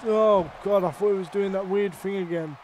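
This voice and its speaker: A man giving excited let's-play commentary on a wrestling game, swearing freely and breaking into sudden loud outbursts. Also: high-pitched, normal speed. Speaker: gaming YouTuber.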